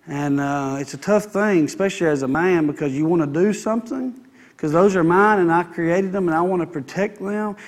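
A man's voice: high voice, moderate pace. A man, preaching a sermon in a conversational, folksy way and repeating his phrases. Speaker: pastor. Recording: long hall reverb.

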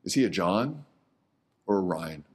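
A middle-aged man preaching a sermon in a conversational way, often repeating words and dropping low and soft on key words. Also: animated, a little slow, slightly rough. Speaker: pastor.

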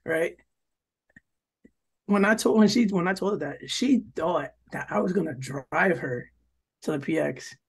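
A man's voice: a little high, unhurried, pauses often, slightly rough. A young man from New Jersey, co-hosting a podcast, telling a long story in a rambling, profane way and acting out what people said. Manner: rambling, profane, full of "like" and "yo", acts out quoted lines. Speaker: podcast co-host. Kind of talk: casual storytelling chat.

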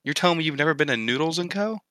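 A man's voice: fairly high pitch, lively intonation, racing, bright, forceful tone, slight background noise. A young man co-hosting a podcast, chatting casually and teasing with frequent laughs. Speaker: podcast co-host. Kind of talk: casual chat.

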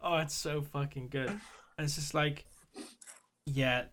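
A man co-hosting a podcast, excitably retelling film scenes with lots of swearing and laughter. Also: on the high side, measured pace, slight background noise. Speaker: podcast co-host. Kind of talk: casual chat.

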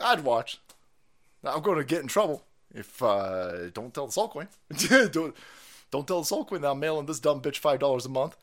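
A foul-mouthed male streamer rants in sarcastic commentary over news clips, his pitch swinging widely from low mutters to high mocking peaks. He laughs often between jabs. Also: fairly bright tone.

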